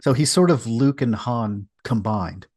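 A man's voice: mid-range voice, expressive, unhurried, darkish tone, slightly rough, no room sound, studio quality. A man co-hosting a casual podcast, recapping a comic with wry sarcasm. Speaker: podcast co-host. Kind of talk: casual comic book discussion.

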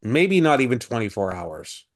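Lively, playful podcast co-host man. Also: mid-range voice, moderate pace. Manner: playful, ironic asides. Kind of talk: casual comic book discussion.

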